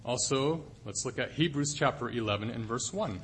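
A man's voice: medium pitch, expressive, normal speed, a bit bright, slight background noise. A man preaching a sermon in a conversational way, asking the listeners questions and reading scripture. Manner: conversational, asks the audience questions.

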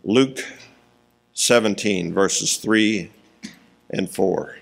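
A man preaching a sermon, reading scripture slowly and deliberately, pausing for emphasis and chuckling between points. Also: on the low side, gravelly.

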